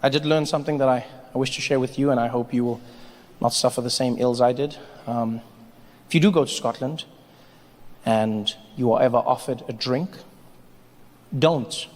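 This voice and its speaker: A man doing a stand-up comedy set, telling stories in an animated, self-mocking way. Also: mid-range voice, moderate pace, pauses often. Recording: reverberant hall, faint ambience.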